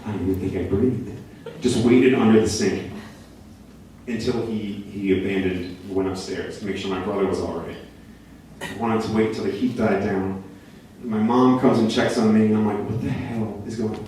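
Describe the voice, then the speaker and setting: Animated young man telling a story on stage. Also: on the low side, moderate pace, slight background noise. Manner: animated, rising to near shouts at peaks. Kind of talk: live comic storytelling on stage. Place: small theater stage. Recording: echoey room from a distance.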